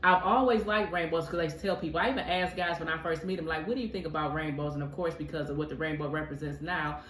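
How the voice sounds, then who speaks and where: A woman's voice: deep voice, steady tone, fast, fairly bright tone. A woman co-hosting a podcast, talking in a casual, heartfelt way, emphatic and preacherly, calling listeners "honey". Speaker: podcast co-host. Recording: echoey room with faint noise.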